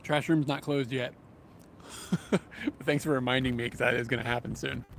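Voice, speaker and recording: Gravelly man streaming outside by trains. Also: medium pitch, normal speed. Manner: relaxed, rambling, chuckles often. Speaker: livestreamer. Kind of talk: casual livestream chat, reading viewer comments. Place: outdoors in a city, near train tracks. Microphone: small camera-mounted mic. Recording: outdoor street and train noise. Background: passing vehicles and trains.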